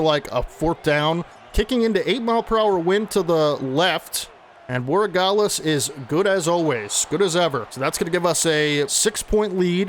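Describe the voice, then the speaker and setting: A man commentating his own football video game play-by-play, excitable and chatty with his viewers. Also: a little high, slight background noise. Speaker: gaming channel host.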